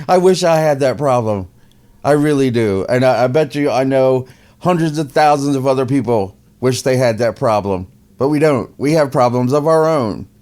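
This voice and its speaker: A man's voice: medium pitch, normal speed, darkish tone. A man casually mocking a news story as a podcast host, laughing often and repeating himself. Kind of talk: casual opinion commentary.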